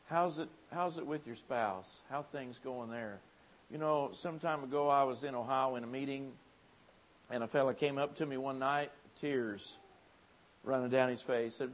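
A man preaching a folksy revival sermon in a church, swinging from quiet asides to loud, lifted appeals. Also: mid-range voice, steady tone, normal speed.

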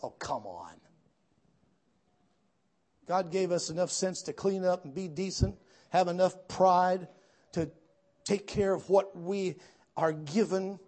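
A man preaching a sermon, telling folksy stories with asides to the congregation and building to loud, emphatic peaks. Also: high-pitched, steady tone, a little slow. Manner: storytelling, swells to shouts at climaxes.

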